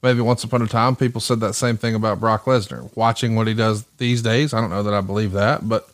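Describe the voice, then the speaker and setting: A man hosting a podcast, chatty and quick to laugh, telling stories in casual conversation. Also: on the low side, fairly even intonation. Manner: chatty storyteller, laughs a lot. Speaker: podcast host.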